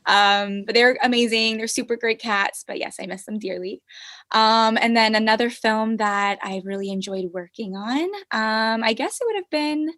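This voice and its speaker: Giggly, bubbly actress on a call. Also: female voice, on the high side, moderate pace, a bit bright, dry recording, clean studio sound. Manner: bubbly, giggly, many ums. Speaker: actress guest. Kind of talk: casual interview over video call. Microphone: video call.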